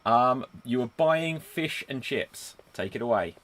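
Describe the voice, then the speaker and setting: A man's voice: mid-range voice, lively intonation, a little slow, a bit bright, no room sound. A man hosting a live improv comedy stream over a video call, upbeat, handing out prompts and scores. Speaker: improv show host.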